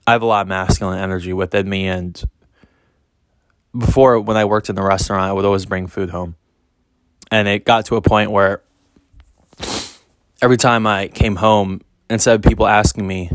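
A man's voice: fairly low pitch, steady tone, normal speed, long pauses, smooth, no echo. A man speaking as a spiritual reader in a casual monologue, blunt and emphatic, cursing freely.

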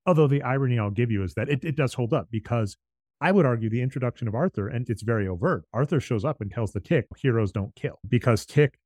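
A man co-hosting a casual chat about comics, explaining at length and retelling scenes with quick quoted voices. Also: medium pitch, darkish tone, no room sound. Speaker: podcast co-host.

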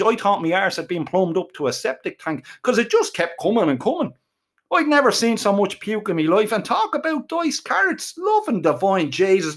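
A middle-aged Irish man telling a crude, comic story with colourful swearing. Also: high voice.

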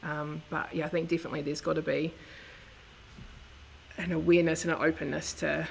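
A woman's voice: deep voice, flat delivery, a little fast, vocal fry, slight background noise, low-quality recording. A woman in a casual faith discussion, speaking in a reflective, pastoral way about compassion and grief.

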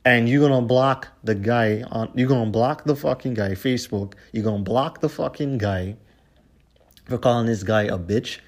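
A man's voice: mid-range voice, moderate pace. A man ranting to camera with heated, profane, repetitive commentary. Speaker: vlogger.

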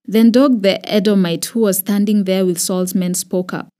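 Kenyan woman, audio Bible narrator, measured and expressive, warm mellow tone. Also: medium pitch. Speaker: Bible reader. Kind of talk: scripted scripture narration.

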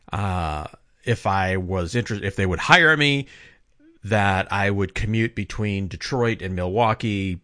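Man, low voice, dry close sound, casual rambling commentary, self-correcting. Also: a bit bright, no room sound. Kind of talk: casual opinion monologue.

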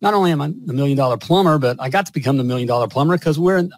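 A man's voice: medium pitch, rapid-fire, no echo, poor audio. A man hosting a podcast with boastful, hyped energy and lots of fillers. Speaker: podcast host.

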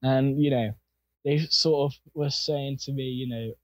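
A young man with a husky voice, telling his personal faith story in an earnest, rambling way with plenty of fillers. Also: medium pitch, steady tone, unhurried, dry recording. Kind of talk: casual personal testimony.

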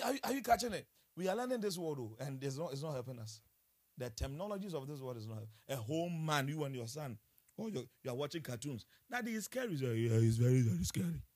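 A male preacher with a high, husky voice that swings widely in pitch as he preaches. He talks in an animated way, exclaiming, laughing and throwing questions back at his listeners. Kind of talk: sermon.

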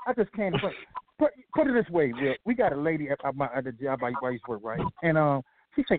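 A man's voice: fairly high pitch, expressive, fast. A man talking casually about sports, rambling and repeating himself with many fillers. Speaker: podcast co-host. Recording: tinny phone-like line, faint noise.

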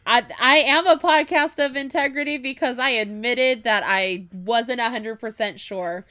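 Bright, playful woman podcast host. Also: a little high. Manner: playful, teasing, quick to laugh. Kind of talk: casual podcast banter.

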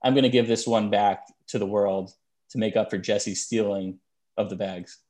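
Guy w a lowish voice rambling thru a story on a casual podcast, lots of restarts. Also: steady tone, moderate pace, darkish tone. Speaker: podcast co-host.

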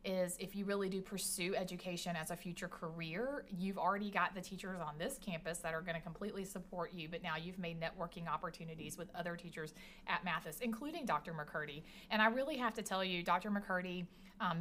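A woman's voice: fairly low pitch, fairly bright tone, slight background noise. A woman teacher talking about her career tech classes in a chatty, enthusiastic podcast conversation. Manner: chatty and enthusiastic, many restarts.

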